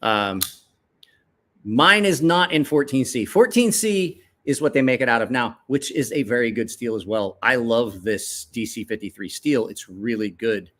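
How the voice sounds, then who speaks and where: Male knife reviewer, mid-range voice, casual and excitable, swears a lot, rambles with restarts. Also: normal speed. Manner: excitable, swears freely, jumps up in pitch when quoting himself. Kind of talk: casual show-and-tell chat.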